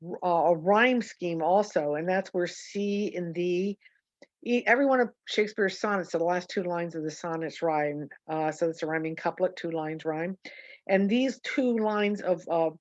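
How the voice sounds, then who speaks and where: A woman's voice: fairly low pitch, normal speed, no room sound, muffled recording. Rambling woman teaching poetry over a call. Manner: rambling, self-correcting, many ums. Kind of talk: online poetry lesson. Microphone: video call.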